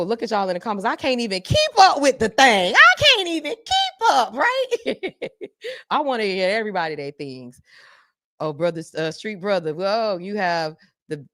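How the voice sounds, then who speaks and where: A woman podcast host speaks directly to her viewers on a live stream, alternating between fervent, preacher-like call and response and low, confiding asides. Her delivery is animated, and the sound is dry, close-miked and echo-free.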